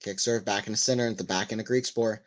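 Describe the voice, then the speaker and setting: A man's voice: on the low side, steady tone, fast. A man giving casual live play-by-play tennis commentary, chatting and rambling between rallies and lifting his voice on big points.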